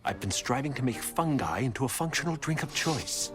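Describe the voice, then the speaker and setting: A man's voice: medium pitch, expressive, music in the background, lightly acted. A man playing an eccentric mad scientist villain. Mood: smug. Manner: theatrical, drawn-out villain delivery. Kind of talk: live-action film dialogue. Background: loud film score.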